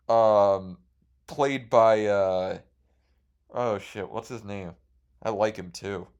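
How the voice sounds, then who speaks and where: Young male podcast host, rambling profane storyteller, excitable. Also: mid-range voice.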